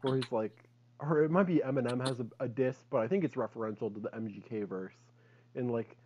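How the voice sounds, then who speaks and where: A man's voice: medium pitch, fast, darkish tone, muffled recording. A man co-hosting a comedy podcast, chatting loosely and laughing often. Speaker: podcast co-host. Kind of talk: casual comedy chat.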